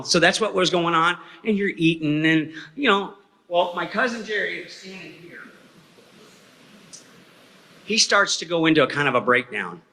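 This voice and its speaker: A man's voice: on the high side, bright, forceful tone. A man telling a story to a live audience in a folksy, rambling way, often checking in with "okay?". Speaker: eyewitness speaker at a talk. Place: hall before an audience. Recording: reverberant hall sound.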